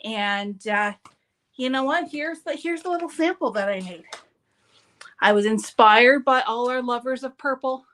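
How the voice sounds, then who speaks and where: Speaking at a measured pace in a highish, fairly bright voice, a woman leads a live papercraft demo. She's chatty and cheerful, often interrupting herself partway through sentences.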